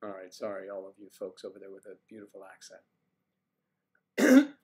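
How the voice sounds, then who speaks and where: A man's voice: sits low, monotone, fast talker, a little mellow. Rambling man hosting a livestream. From United States. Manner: rambling, chatty, wandering between topics. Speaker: livestream host. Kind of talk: casual chat answering viewer comments.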